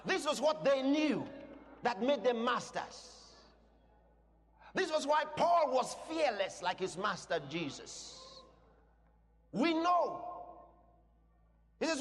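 Male preacher, high and lively voice, emphatic sermon with shouted peaks, long hall reverb. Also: slow pace, long pauses. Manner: emphatic, swings from quiet teaching to shouted declarations; asks the congregation questions.

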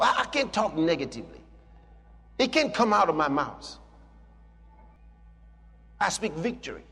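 High-pitched man preaching emphatically. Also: a bit bright, long reverb tail. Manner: emphatic, repetitive declarations. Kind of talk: sermon.

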